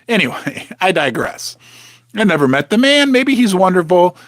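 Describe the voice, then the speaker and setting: A man's voice: high voice, big pitch swings, normal speed, dry recording, studio quality. A man hosting a casual, rambling commentary from his basement, talking straight to his viewers with sarcastic asides and muttering to himself. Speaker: host of a precious metals channel. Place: home basement.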